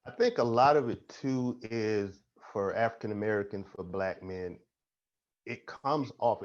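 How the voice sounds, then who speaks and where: A man speaking as a counselor on a panel, emphatic with a repetitive, preacher-like cadence. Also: on the low side. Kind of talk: panel discussion. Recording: dull lo-fi audio with faint noise.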